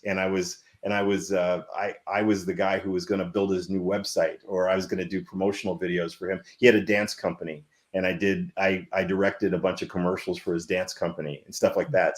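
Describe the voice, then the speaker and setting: A man in his fifties, a filmmaker guest telling stories in a casual interview, animated and rambling with many restarts. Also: low voice, fairly quick, hardly any pauses.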